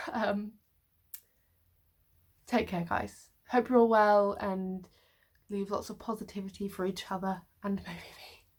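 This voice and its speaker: A woman in her twenties chatting to camera in her bedroom, rambling along with wry, self-mocking asides. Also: mid-range voice. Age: 20s. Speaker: vlogger. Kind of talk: casual chat to camera. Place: her bedroom, sitting on the floor.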